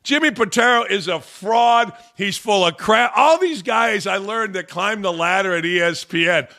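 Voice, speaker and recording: A man with a high, gravelly voice rants, his tone bright and sharp. He is a sports talk host who turns heated and profane and mocks with blunt repetition. The sound is gruff and pointed all the way through. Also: moderate pace. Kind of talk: ranting commentary.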